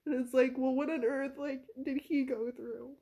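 A woman's voice: high voice, fairly even intonation, normal speed, dark tone. A woman telling a personal family story to camera, heated and blunt, swearing freely and near tears at times. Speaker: vlogger recounting a family conflict.

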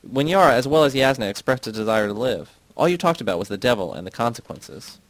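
A man's voice: mid-range voice, animated, quick pace, no echo, natural voice, low-quality recording. A man reading the part of an earnest male worker who argues his case defensively. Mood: arguing.

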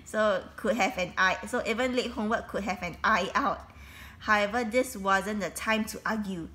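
A woman reading a children's book aloud, pausing to explain the story in simple words with frequent restarts. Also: mid-range voice, pushed and bright. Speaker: reader.

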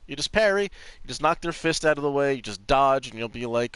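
A man giving loose, profane commentary as he plays a game and jokes with his chat. His voice sits at an ordinary pitch. The sound is dry and close, with no room around it. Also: lively intonation, fairly quick, a bit bright, clean tone, dry recording. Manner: profane, joking, chatting to viewers. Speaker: streamer. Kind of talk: casual gameplay commentary.

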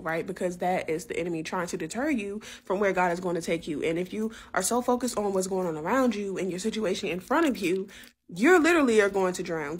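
A woman's voice: medium pitch, breathy edge. A woman vlogger talking from her car, giving earnest, preachy faith encouragement straight to her viewers. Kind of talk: casual faith encouragement talk.

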